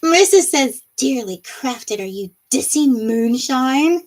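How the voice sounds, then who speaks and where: A woman's voice: high-pitched, expressive, slow pace, darkish tone, low-quality recording. A woman hosting a casual livestream, reading viewer comments aloud and laughing often between them. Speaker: livestream host. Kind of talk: casual live-stream chat reading comments.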